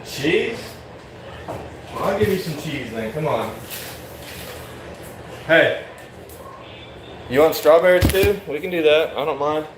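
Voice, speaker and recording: A man's voice: fairly high pitch, measured pace, long pauses, noisy background. A tired man hosting a casual livestream, talking bluntly and rambling, with frequent swearing. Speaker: livestream host.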